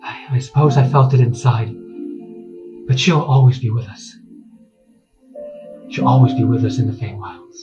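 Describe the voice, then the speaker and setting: A man's voice: mid-range voice, moderate pace, long pauses, highs cut off, over music, lightly acted. A man voicing a tender, tearful father who has just been reunited with his daughter. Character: tearful, loving middle-aged father reunited.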